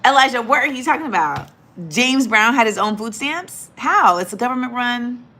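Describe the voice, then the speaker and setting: Bright-voiced, playful woman livestream host. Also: on the high side, expressive, normal speed. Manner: playful and chatty, laughing and trying out accents. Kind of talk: casual livestream chat reading viewer comments.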